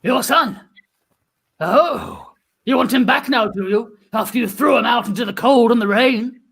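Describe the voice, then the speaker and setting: Guy playing a creepy old hermit in an improv bit, gravelly and husky, wheedling. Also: very high voice, unhurried, a bit bright, heavily acted. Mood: mocking. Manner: wheedling, sly. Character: sinister old male hermit who summons storms. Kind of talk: improvised comedy scene.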